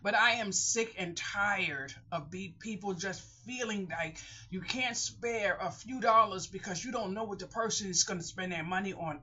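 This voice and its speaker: Emotional older woman vlogging, husky and bright. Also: mid-range voice. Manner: emotional, rambling, repeating herself. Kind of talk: casual talking-to-camera vlog. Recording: muffled lo-fi home recording.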